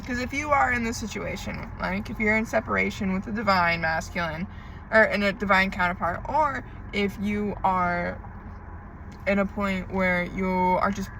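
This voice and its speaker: A woman's voice: medium pitch, moderate pace, vocal fry, fairly bright tone, a little hiss or hum, rough recording. A woman tarot reader in an emotional diary-style monologue, venting with frequent swearing and emphatic repetition.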